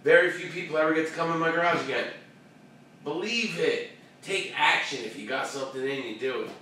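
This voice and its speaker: A high-pitched, bright-voiced man hosts a motivational show, preaching hard with slang and repetition. He sounds set back from the mic in a very echoey room, with faint ambience underneath. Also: fairly quick, recorded from a distance, slight background noise. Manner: animated, preachy, streetwise slang, repeats phrases for emphasis. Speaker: show host. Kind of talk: motivational talk show rant.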